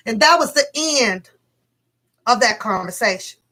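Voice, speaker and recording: A middle-aged woman vlogger telling a story to her viewers in a casual, profane, animated way, laughing as she goes. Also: a little high, measured pace, rough recording.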